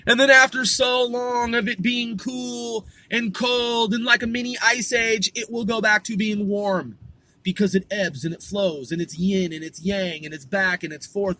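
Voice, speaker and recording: A man's voice: high voice, steady tone, moderate pace, sharp tone. A man delivering a rambling, profane philosophical monologue, firing rhetorical questions at the listener and repeating himself. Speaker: vlogger.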